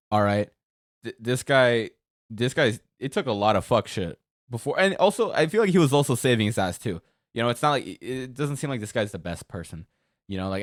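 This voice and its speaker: A man riffing on a video as a streamer, loud and joking, dropping swears without a second thought. His voice sits close to the mic in a dry, dead room with no echo. The tone is casual and blunt. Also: mid-range voice. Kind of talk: casual profane reaction commentary.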